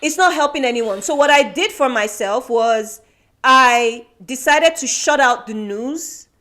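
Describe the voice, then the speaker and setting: A woman's voice: high-pitched, a little slow, pushed and bright. A woman born in Nigeria co-hosting a podcast, talking earnestly and reflectively in a casual chat. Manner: earnest, self-reflective, many restarts. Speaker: podcast co-host.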